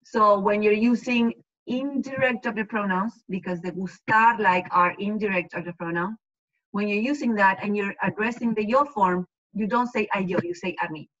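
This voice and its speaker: A Spanish-speaking woman teaching an online class, explaining slowly and patiently and checking often that students follow. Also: medium pitch, fairly bright tone. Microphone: video call. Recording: dull lo-fi video call audio.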